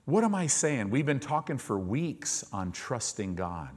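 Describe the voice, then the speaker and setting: An animated male pastor preaching to his congregation. His pitch swings widely as he tells stories and acts out the people he quotes, and listeners call back from the pews. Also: a little slow, slightly rough. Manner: animated storytelling, acting out quoted voices. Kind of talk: sermon. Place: church service with congregation responding.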